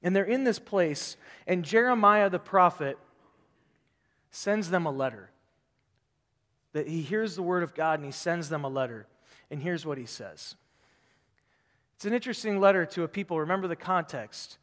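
A pastor delivers his sermon in a bright, high-pitched male voice. He preaches with animation, repeats phrases for emphasis and acts out quoted voices. Every word trails off into the long reverb of a large hall. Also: lively intonation, normal speed, pauses often.

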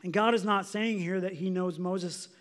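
A man's voice: sits high, steady tone, moderate pace. A man preaching a sermon as a pastor, in a conversational way, often saying "like" as he explains. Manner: conversational, filler "like".

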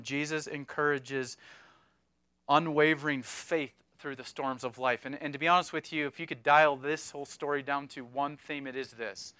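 High, bright-voiced preacher with emphatic swings. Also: male voice, clear, resonant tone, dry recording, clean studio sound. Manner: emphatic, swings from loud to hushed. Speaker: pastor. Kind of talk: sermon.

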